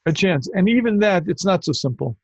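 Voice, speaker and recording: A man hosting a call-in Q&A as a rabbi, emphatic and quick to cut in with repeated phrases. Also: sits high, animated, creaky, breathy edge, no room sound, lo-fi sound. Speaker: rabbi answering callers. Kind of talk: call-in Q&A talk.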